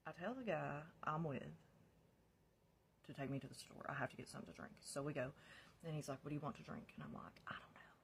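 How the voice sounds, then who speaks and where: A woman's voice: sits low, fast talker, vocal fry, a little hiss or hum. A woman telling her own past in a candid, casual way, sometimes dropping to a whisper. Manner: candid, drops to a whisper when quoting herself, laughs in places. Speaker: storyteller recounting her past. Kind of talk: casual personal storytelling.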